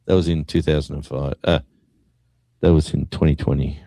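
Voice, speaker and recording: A man's voice: extremely low pitch, moderate pace, no echo. An Australian man, a guest musician, telling a story in casual chat and acting out what people said. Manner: animated storyteller acting out quotes.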